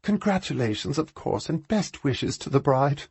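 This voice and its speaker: A man voicing a haughty, exasperated aristocratic woman who scolds her brother in a high, indignant tone. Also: big pitch swings, normal speed, a little mellow, slightly rough, no room sound, heavily acted. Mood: weary.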